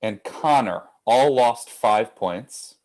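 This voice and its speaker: A man hosting a casual online trivia game over a video call, upbeat and quick, laughing easily and reading questions out slowly and deliberately. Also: medium pitch, animated, darkish tone.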